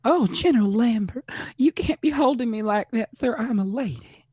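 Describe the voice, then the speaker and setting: A man voicing a swooning Southern belle lady with a Southern accent, flirty in a high falsetto. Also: moderate pace, a crowd in the background. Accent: American Southern.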